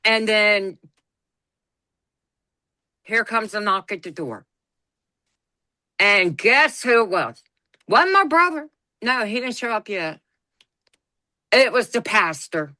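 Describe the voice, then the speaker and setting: A woman's voice: medium pitch, slow, long pauses, bright, forceful tone, dry recording. A woman co-hosting a podcast, telling a family story in a folksy, blunt way. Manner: folksy, blunt, laughs through her stories. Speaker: podcast co-host. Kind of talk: casual storytelling chat.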